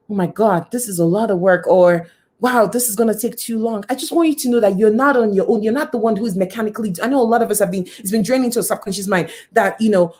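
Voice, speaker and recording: A woman's voice: fairly high pitch, darkish tone. A woman giving a motivational talk as a coach, emphatic and repeating phrases for effect. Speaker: guest speaker and coach.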